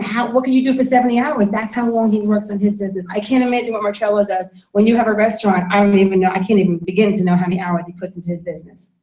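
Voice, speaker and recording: A woman's voice: medium pitch, a little mellow. A woman giving an emphatic sales presentation to a room, repeating her key points. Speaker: network marketing presenter. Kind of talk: sales pitch talk to a room. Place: meeting room with audience. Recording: echoey room.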